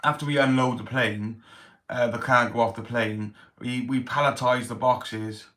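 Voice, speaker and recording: A man's voice: medium pitch, steady tone, normal speed, sharp tone. A man hosting a casual livestream, reading out chat comments and telling stories in street slang. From Wales. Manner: chatty, street slang, reads chat aloud. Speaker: livestream host.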